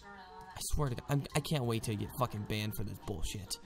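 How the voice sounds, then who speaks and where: A man's voice: mid-range voice, very animated, a little fast. A man ranting furiously over his gameplay at home, swearing constantly and stammering through restarts. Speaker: gaming video creator. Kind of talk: gameplay commentary rant.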